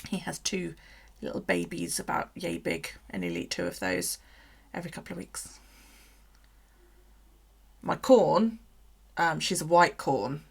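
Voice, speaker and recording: Gravelly, chatty woman. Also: sits low. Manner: chatty, swears freely, coos at her pets. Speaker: livestreamer. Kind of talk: casual livestream chat. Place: home.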